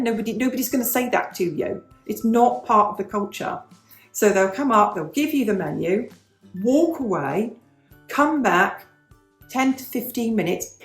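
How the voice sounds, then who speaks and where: Her voice a little high and the room echoey, a former English teacher from the United Kingdom, now a vlogger in her fifties, answers questions in a relaxed chat. She explains things patiently, as a teacher would, going back over the key points.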